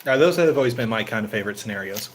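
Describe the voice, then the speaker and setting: A fairly low, expressive male voice talks at a rapid-fire clip over a little hiss or hum in a rough recording. He's a channel host chatting casually with his livestream viewers, rambling and leaning on "you know," and he livens up whenever he retells a story.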